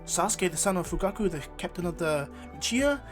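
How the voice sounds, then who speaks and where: Man faking squealy high girl ninja, giddy, starstruck, fan retelling. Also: expressive, brisk, over music.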